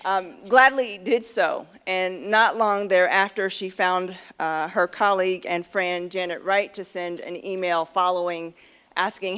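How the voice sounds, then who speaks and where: A woman's voice: fairly low pitch, fairly even intonation, unhurried, a bit bright, clear, resonant tone. A middle-aged woman speaking at a convention luncheon, telling a candid, self-deprecating personal story in a chatty way with many fillers, at a podium microphone.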